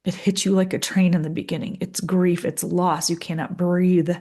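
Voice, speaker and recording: A middle-aged woman coach talks in a gentle, empathetic podcast monologue. Her voice sits a little low, and she builds her points through repeated phrases and lists. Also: little pitch movement, moderate pace. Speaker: leadership coach.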